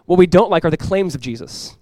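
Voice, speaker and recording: A man preaching a sermon as pastor, emphatic, rising and swelling when he quotes scripture, with quick conversational asides. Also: sits high, expressive, darkish tone, dry recording.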